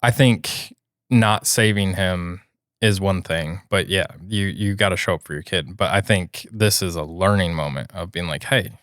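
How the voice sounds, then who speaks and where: Man, low voice, podcast co-host, steady reading, relaxed chat, dry sound. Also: moderate pace, no echo. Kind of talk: reading a post aloud, then casual chat.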